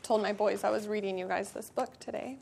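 A woman's voice: mid-range voice, steady tone, fairly quick, creaky, a little mellow, slight background noise. A woman speaking earnestly to a church community in a conversational devotional talk, then reading a storybook aloud. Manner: earnest, conversational, with filler words.

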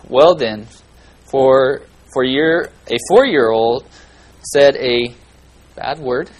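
A man preaching a sermon in a folksy, earnest way, swinging between loud and hushed delivery. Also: mid-range voice, a little hiss or hum, poor audio. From California.

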